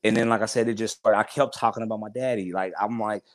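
A man in his forties speaks in a low voice, heartfelt and a little rambling as he restarts his thoughts. The sound is dry and close, with no room around it. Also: fairly even intonation, fast talker, no echo. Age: 40s. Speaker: podcast guest. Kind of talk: casual interview chat.

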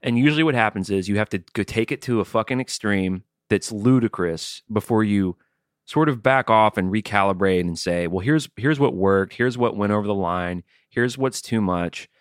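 Low-voiced candid man in casual chat. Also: normal speed, clear, resonant tone, no room sound, studio quality. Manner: candid, reflective, plays along with jokes. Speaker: podcast co-host.

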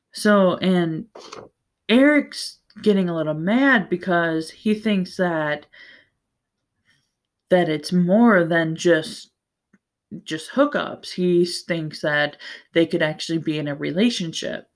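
Slow, low-voiced woman recapping a book. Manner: rambling, with many fillers and restarts; swears casually. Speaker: podcast host.

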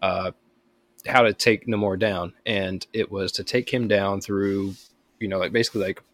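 A man's voice: low-pitched, steady tone, normal speed, a bit bright, no echo. A man co-hosting a podcast in casual chat, rambling through explanations with many fillers. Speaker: podcast co-host.

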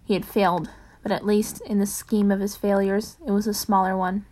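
A woman reading fan fiction aloud in a plain, unpolished way, pausing to correct her own slips. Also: mid-range voice, little pitch movement, darkish tone. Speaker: reader.

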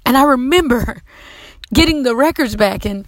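A woman's voice: high voice, expressive, normal speed, no room sound, rough recording. A middle-aged woman preacher giving an emotional, fervent testimony sermon, holding back tears at times.

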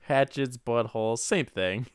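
Man, mid pitch, smooth tone, dry booth sound; laughs along and riffs. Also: a little slow, no room sound. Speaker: podcast co-host. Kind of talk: casual comedic chat.

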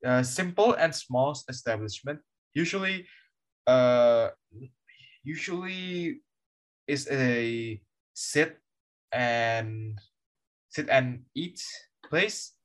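A young man from Indonesia, English his second language, with an American-based Indonesian accent, co-hosting a casual chat in a halting, self-correcting way. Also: mid-range voice, animated. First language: not English. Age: young adult. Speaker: podcast co-host.

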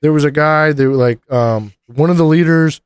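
Male podcast co-host, slightly high voice, dry sound, casual profane rambler. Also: normal speed, clean tone, dry recording. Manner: rambling, lots of fillers and swearing.

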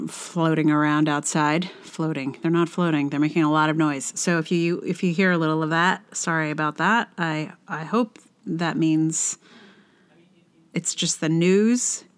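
A woman from Virginia, hosting her own podcast in casual, rambling chat that keeps correcting itself. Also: low-pitched. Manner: rambling, self-correcting, halting with fillers. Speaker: podcast host.

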